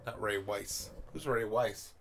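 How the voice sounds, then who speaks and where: Gravelly profane man ranting on a podcast. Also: fairly low pitch, takes it slowly. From North America. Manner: profane, rambling, heats up into shouting rants. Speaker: podcast host. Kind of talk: casual comedic rant.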